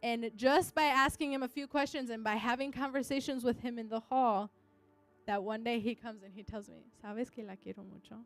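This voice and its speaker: Young woman, high-ish voice, heartfelt storytelling with soft music under it. Teacher sharing testimony. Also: fairly even intonation, moderate pace. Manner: earnest storytelling, acting out quotes. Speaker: English teacher. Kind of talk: personal testimony.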